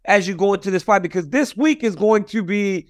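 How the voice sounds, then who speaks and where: A man with a high voice hosts a casual interview. He asks direct, leading questions in an easy, conversational way. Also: a little fast. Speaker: host.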